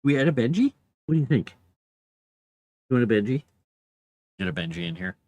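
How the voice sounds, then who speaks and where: A man writing live on stream, thinking out loud and talking gently to his dog. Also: mid-range voice, big pitch swings, a little fast, dry recording. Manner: talks softly to his dog between musings. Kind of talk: casual live-stream chat.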